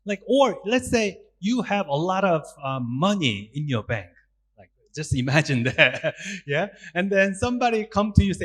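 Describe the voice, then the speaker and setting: A man's voice: on the high side, moderate pace. A man with a Korean accent, a Buddhist monk giving a public talk, asking his listeners questions and acting out little quotes. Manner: animated, asks the audience questions, acts out quotes.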